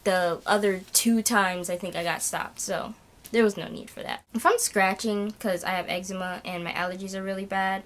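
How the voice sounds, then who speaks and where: A woman's voice: mid-range voice, fairly even intonation, moderate pace, fairly bright tone. A young woman rants casually to her camera. She sounds exasperated and complaining. Her talk is full of fillers and restarts. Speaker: vlogger.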